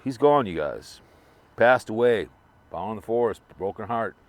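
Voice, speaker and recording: Low-voiced man rambling while driving. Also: lively intonation, normal speed. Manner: rambling, repetitive, restarts a lot. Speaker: vlogger remembering a late fellow creator. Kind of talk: casual rambling monologue.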